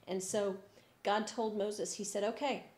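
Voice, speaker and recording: A woman teaching a children's church lesson, telling a Bible story in an expressive way that swings between sad and lively. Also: mid-range voice, normal speed, roomy sound. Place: church room.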